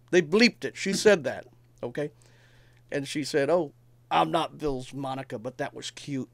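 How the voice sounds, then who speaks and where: A man with a gravelly, slightly raised voice holds forth in casual chat, emphatic and quick to swear. His storytelling is animated. The sound is dry and close. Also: fairly high pitch, no room sound. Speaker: podcast co-host.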